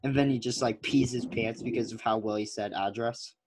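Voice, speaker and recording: A man co-hosting a casual podcast over a computer mic. He rambles and jokes, leaning on fillers, at a middling pitch. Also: fairly even intonation, a little fast, noisy background. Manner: joking, rambling with many fillers. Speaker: podcast co-host. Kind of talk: casual chat.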